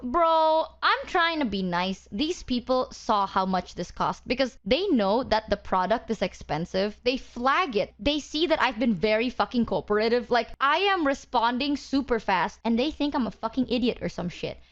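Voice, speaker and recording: A woman's voice: fairly high pitch, lively intonation, normal speed, few pauses, dull audio. A woman, a VTuber telling a heated, profane story to her stream chat. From Indonesia. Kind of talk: casual stream rant.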